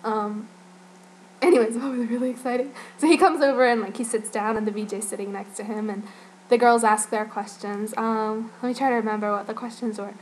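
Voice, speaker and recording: A woman's voice: fairly high pitch, fairly even intonation, fairly quick, slight background noise. Giggly young woman gushing in a casual recap. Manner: giggly, gushing, heavy use of "like". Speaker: fan giving an event report.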